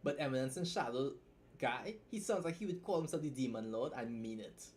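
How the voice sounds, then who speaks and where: A man's voice: medium pitch, lively intonation, a little mellow, slight background noise. A young man with a Trinidadian accent hosting a casual livestream, talking bluntly with jokes and swearing as he reacts to a story. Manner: blunt, joking, swears freely, fast asides. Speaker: livestream host and writer.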